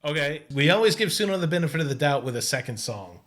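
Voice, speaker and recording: A man's voice: on the high side, sing-song, fairly bright tone. A man hosting his own video, thinking aloud in casual commentary with many stops and restarts. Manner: halting, many restarts and fillers. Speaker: host testing an AI music tool. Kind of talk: casual screen-recorded commentary.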